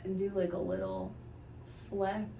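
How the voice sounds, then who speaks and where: A woman's voice: medium pitch, flat delivery, a little slow, vocal fry, recorded from a distance, lo-fi sound. A woman hosting her podcast while doing her makeup, talking in a casual, rambling way with wry asides. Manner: chatty, offhand, wry asides. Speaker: podcast host. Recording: echoey room, voice away from mic, faint hiss.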